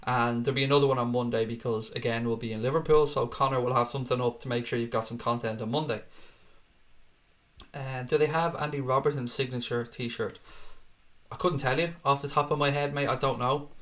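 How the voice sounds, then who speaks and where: A man's voice: mid-range voice, steady tone, fairly quick, fairly bright tone. A man in his thirties hosting a fan live stream, reading chat and answering in a blunt, chatty way, swearing freely and calling viewers mate.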